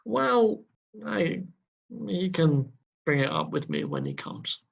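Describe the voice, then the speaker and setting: A man's voice: a little high, wildly swooping pitch, slow pace, creaky. A man playing a tabletop game, laid-back and wry. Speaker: player. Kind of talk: casual tabletop play. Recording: dull lo-fi mic.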